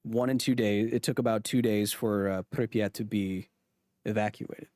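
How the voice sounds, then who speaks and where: Speaking at a moderate pace in a lowish, darkish voice with fairly even intonation, a thirtysomething man hosts a science podcast livestream. He jokes with and teases chat as he reads comments, full of fillers and restarts, recorded in studio quality with no room sound.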